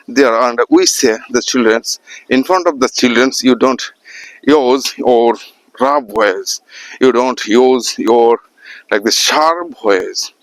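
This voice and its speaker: A man from Assam, an artist and art teacher who talks to the camera in halting English, with many pauses. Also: medium pitch, dry recording, low-quality recording. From Assam, India. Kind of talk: casual spoken talk to camera.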